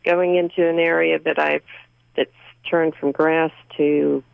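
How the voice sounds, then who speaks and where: A woman calling in to a garden radio show, speaking in a hesitant, halting way with many fillers. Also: low voice, little pitch movement, gravelly, clear, resonant tone, dry recording. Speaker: radio caller. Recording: tinny phone line.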